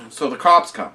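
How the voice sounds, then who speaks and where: A man vlogging, telling a rambling personal anecdote in a casual, self-mocking way and often chuckling at himself. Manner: animated, rambling storyteller who laughs at himself.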